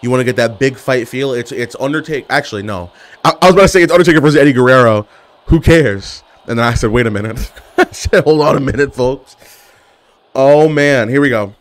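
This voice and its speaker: Lively man trash-talking over gameplay. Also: medium pitch, quick pace. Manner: playful trash talk, hyped shouting at the game. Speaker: gaming YouTuber. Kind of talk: casual gameplay commentary.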